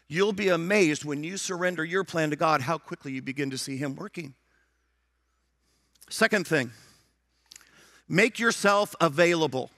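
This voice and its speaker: Bright, high-voiced emphatic pastor. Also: male voice, moderate pace, pauses often, dry recording, studio quality. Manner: emphatic, repeats phrases, acts out prayers and dialogue. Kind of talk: sermon.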